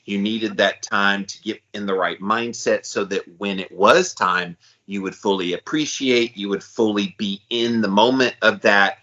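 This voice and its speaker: With a lowish, sharp-toned voice, this self-described hype guy co-hosts a podcast, chatting casually and with eager enthusiasm. He keeps a measured pace with hardly any pauses. The lo-fi recording is a touch dull.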